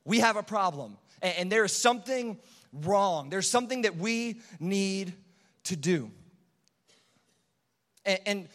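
A man's voice: high-pitched, expressive, unhurried, pauses often, fairly bright tone. A young man preaching a casual storytelling sermon, rambling and conversational with many fillers and restarts. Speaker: pastor. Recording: long hall reverb.

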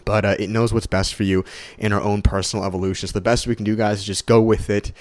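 A young man giving a casual, swearing, motivational solo podcast monologue, stumbling and restarting and swinging his pitch up high when excited. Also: quick pace, dry recording. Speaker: podcast host.

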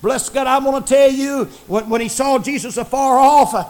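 A pastor preaching a fiery sermon in a rhythmic cadence, repeating phrases and building to shouts. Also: male voice, very high voice, fairly even intonation, normal speed. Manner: repeats phrases, frequent "praise the Lord".

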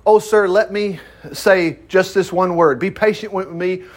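A man's voice: high voice, steady tone, measured pace. A man reading the lines of a desperate older brother, earnest and imploring. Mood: pleading.

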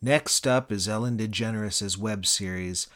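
A man narrating a comic memoir in a dry, deadpan scripted delivery. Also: fairly low pitch, a little slow. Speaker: audiobook narrator.

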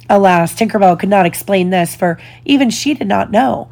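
A woman reading a children's storybook aloud in a slow, deliberate storytelling manner. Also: mid-range voice, gravelly, a little mellow. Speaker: storybook reader.

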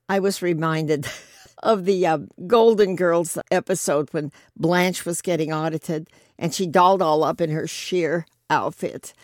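A woman's voice: on the low side, a little slow, no echo, clean studio sound. A woman telling a casual anecdote in a chatty, easygoing way.

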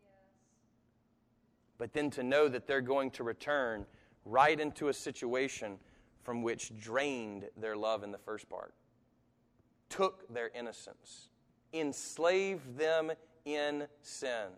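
A man's voice: mid-range voice, takes it slowly, long pauses. A man preaching a live sermon to an audience, talking conversationally with sudden emphatic rises and occasional chuckles. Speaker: pastor. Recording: long hall reverb.

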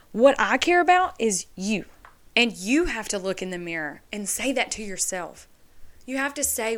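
A woman hosting a solo podcast, talking earnestly and casually to her listeners. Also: mid-range voice. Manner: earnest, chatty, addresses listeners as y'all. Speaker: podcast host.

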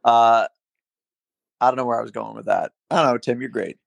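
Gravelly, laughing young man telling stories. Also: medium pitch, fairly even intonation, fairly quick, no echo. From Massachusetts. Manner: laughing, swearing storyteller. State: day drinking. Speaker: podcast co-host. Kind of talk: casual chat.

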